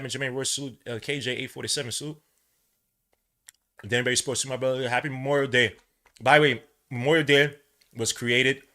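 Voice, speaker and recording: A man from New York hosting a live watch-along, rambling between casual play-by-play and chat, and shouting when plays excite him. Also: fairly low pitch. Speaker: podcast host doing a game watch-along.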